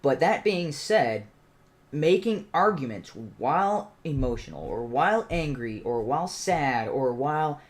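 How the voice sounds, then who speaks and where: Impassioned man with a raised voice. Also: a little high. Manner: impassioned, argumentative. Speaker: channel host. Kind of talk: livestream commentary monologue.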